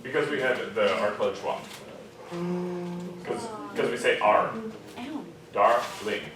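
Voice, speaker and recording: A man teaching a diction class. He explains patiently, keeps checking in with "okay?" and "right?", and slowly chants example lines. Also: mid-range voice, music in the background. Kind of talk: classroom lesson. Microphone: far room recorder. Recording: echoey classroom from far off, class murmur.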